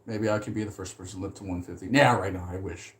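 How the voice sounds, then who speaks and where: A man chatting casually on a live stream about films he loves, rambling with lots of "like" and swearing when he gets excited. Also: deep voice, quick pace, slight background noise.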